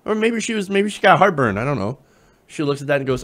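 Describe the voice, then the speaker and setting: A man's voice: fairly high pitch, big pitch swings, quick pace, fairly bright tone. A man hosting political commentary, reading an op-ed aloud and mocking it with sarcasm, profanity and laughter.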